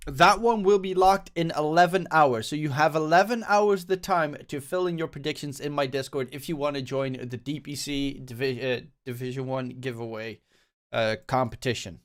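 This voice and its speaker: A man's voice: a little high, steady tone, moderate pace. A man hosting a co-stream, chatting loosely and plugging a giveaway to viewers. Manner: loose, joking, promotional asides. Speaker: co-stream host. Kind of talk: casual streamer chat.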